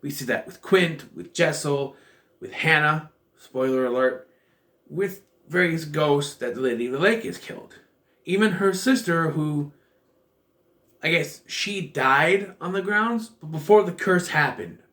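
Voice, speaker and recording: A man's voice: a little high, a little slow, pushed and bright. Man rambling through a show review. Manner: rambling, thinking aloud with frequent restarts. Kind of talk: casual spoken review.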